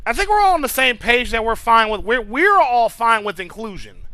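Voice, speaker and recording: Male streamer, casual chat, high bright voice, dry close mic, profane and stammering. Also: big pitch swings, normal speed, no echo, low-quality recording. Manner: loose, profane, stammering restarts, reads chat names aloud. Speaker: streamer chatting with viewers.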